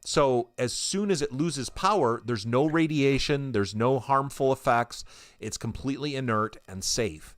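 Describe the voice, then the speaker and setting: A man's voice: medium pitch, unhurried, no room sound. A man co-hosting a comedy podcast, chatting casually, reading headlines aloud and laughing a lot. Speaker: podcast co-host.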